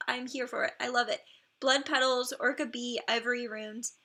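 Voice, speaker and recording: Woman, live streamer, high voice, chatty, effusive praise, laughs a lot. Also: fairly even intonation, normal speed, bright, forceful tone. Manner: laughs often between remarks. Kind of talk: casual live-stream commentary.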